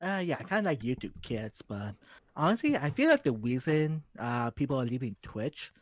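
A man's voice: medium pitch, animated, moderate pace, dry recording. Blunt, swearing man in a dry room. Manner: blunt, profane and exasperated. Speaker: podcast guest. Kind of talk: casual chat.

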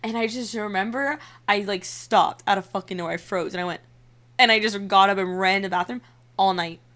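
Young woman hosting a podcast, casual and lively, says like a lot, swears a bunch. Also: mid-range voice, fairly quick. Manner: animated, swearing, lots of "like". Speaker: podcast host. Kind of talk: casual storytelling chat.

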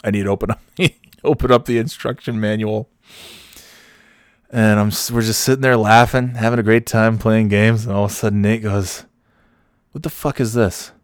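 A man's voice: fairly low pitch, little pitch movement, brisk, clean tone, no echo, studio quality. A man telling a casual personal anecdote, swearing freely, laughing often and restarting his sentences as he rambles. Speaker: storyteller.

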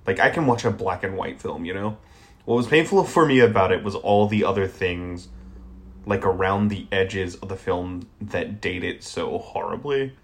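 A man from the American South co-hosting a movie podcast, giving blunt, sardonic and profane takes on films. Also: lowish voice. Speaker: podcast co-host. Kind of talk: casual movie podcast chat.

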